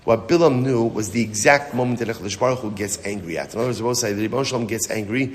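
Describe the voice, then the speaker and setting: A man teaching a daily Talmud lesson as a rabbi, telling the story with lively, casual asides. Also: fairly low pitch, quick pace. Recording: long hall reverb.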